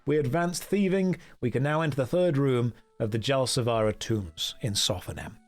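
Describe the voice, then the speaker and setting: A man's voice: medium pitch, normal speed. A man streaming a game, chatting casually, joking and reading chat aloud. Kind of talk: casual gameplay commentary.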